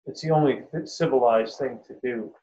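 A man's voice: mid-range voice, moderate pace, warm tone, close to an everyday voice. A man voicing a blunt, matter-of-fact male onlooker, in a dull, roomy recording.

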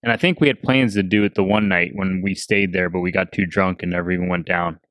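A man's voice: deep voice, fast talker, dry recording. A man hosting a casual podcast, telling a fishing story with lots of laughs. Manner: laughing storyteller, animated retelling. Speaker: podcast host. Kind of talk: casual chat.

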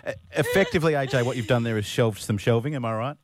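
A man with an Australian accent hosting a casual radio show, quick with jokes. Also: medium pitch. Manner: jokey, quick with a punchline. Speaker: radio host.

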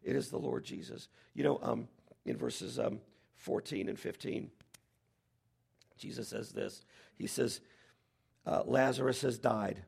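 Male pastor preaching, heavy vocal fry, husky tone, animated delivery. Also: mid-range voice, a little slow, pauses often. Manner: animated preaching with dramatic quotes. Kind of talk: sermon.

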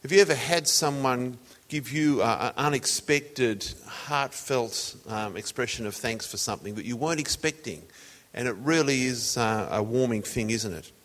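A man's voice: medium pitch, moderate pace, few pauses, a bit bright. A man preaching a sermon in a conversational, storytelling way. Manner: conversational, tells jokes as illustrations. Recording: long hall reverb.

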